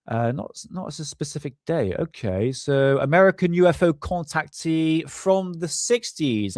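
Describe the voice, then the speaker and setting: A man's voice: mid-range voice, no room sound. Male streamer, mid-range voice, rambling chatty delivery with chuckles, dry close sound. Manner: rambling, chuckling, stumbles over words. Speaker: livestream host. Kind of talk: casual live-stream commentary.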